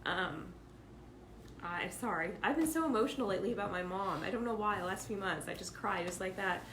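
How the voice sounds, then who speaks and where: A woman's voice: medium pitch, lively intonation, quick pace, fairly bright tone, echoey room, slight background noise, rough recording. A mother co-hosting a parenting talk, speaking personally while emotional and close to tears. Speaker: co-host, homeschooling mother.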